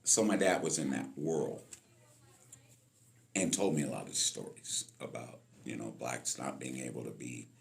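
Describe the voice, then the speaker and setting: A man's voice: a bass voice, a little slow, creaky. A man in his sixties from Los Angeles, telling stories as a guest on an interview podcast and acting out the voices of people he quotes. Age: 60s. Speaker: guest musician. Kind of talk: storytelling interview.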